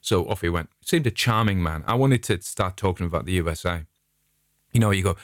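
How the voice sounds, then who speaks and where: A middle-aged man with an English accent and a notably low voice ambles through his anecdotes in a relaxed, digressive way. The sound is close and dry, with no room around it. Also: brisk, dry recording. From England. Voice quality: chatty anecdotal storyteller, digressive. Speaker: vlogger. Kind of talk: casual rambling monologue.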